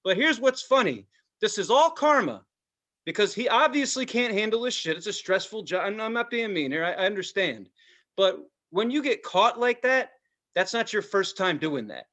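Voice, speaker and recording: A middle-aged man with a fairly high voice, recounting an incident on a podcast. He tells it in a casual, animated way, swearing freely as he gets fired up. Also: moderate pace. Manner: heated, profane, animated storytelling. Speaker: podcast co-host. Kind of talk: casual storytelling chat.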